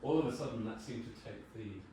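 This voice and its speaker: A man's voice: mid-range voice, fast talker, noisy background. A man in his sixties giving a conference talk as a brand designer. He speaks informally, with wry humor and the odd swear word. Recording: very echoey hall, mic far off.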